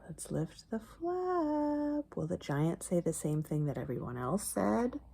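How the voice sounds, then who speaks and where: Slow, lively woman reading to kids. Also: on the low side, vocal fry, slightly rough. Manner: teacherly, explains words and letter sounds; hushed shushing between lines. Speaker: children's story reader. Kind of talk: reading a picture book aloud to children.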